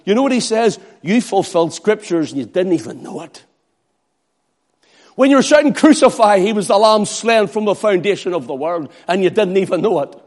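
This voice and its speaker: A man's voice: high-pitched, expressive, moderate pace, darkish tone. A man preaching a sermon, who acts out crowd cries and pleas in a raised voice.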